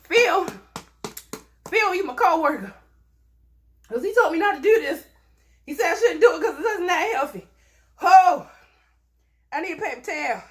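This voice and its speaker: A woman's voice: very high voice, expressive, normal speed, pauses often, fairly bright tone. A woman vlogger in a casual challenge video, exclaiming, swearing and chatting to her viewers in slangy, drawling informal talk.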